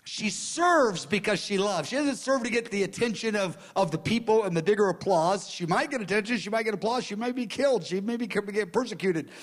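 A man preaches a sermon earnestly, repeating phrases and swinging between quiet murmurs and loud outbursts. His high-pitched voice is expressive and brisk, with few pauses.

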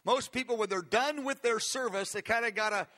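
A man's voice: very high voice, brisk, bright, forceful tone. A man preaching a conversational, earnest sermon, asking his listeners questions as he teaches. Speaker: pastor.

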